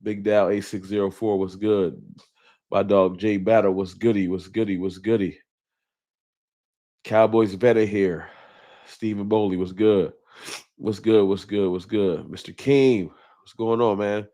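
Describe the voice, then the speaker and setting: A man's voice: fairly low pitch, steady tone, unhurried, pauses often, mellow. A man hosting a live stream in a casual, laughing way, greeting viewers by name while his nose is stuffed up from a cold. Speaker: livestream host.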